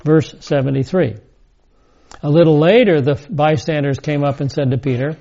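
A man's voice: a little high, normal speed, mellow. A man teaching a scripture lesson, reading verses and adding casual asides. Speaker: Bible teacher. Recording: dull lo-fi recording.

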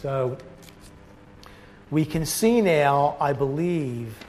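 A man's voice: a little high, lively intonation, drawn-out words, a little mellow, a little hiss or hum, rough recording. A man teaching a Bible study, reading passages aloud and breaking off to explain them in his own words, with restarts and asides.

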